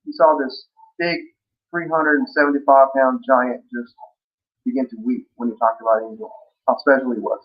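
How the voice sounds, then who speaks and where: A man's voice: medium pitch, level tone, normal speed. A man guest telling stories in a casual interview, rambling with many restarts. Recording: muffled lo-fi audio.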